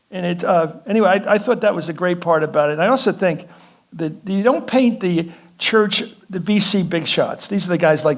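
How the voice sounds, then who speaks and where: A man, an actor, talking onstage in an animated, opinionated way with quick asides. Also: high voice, vocal fry. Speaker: actor in conversation with a director. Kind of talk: onstage conversation before an audience.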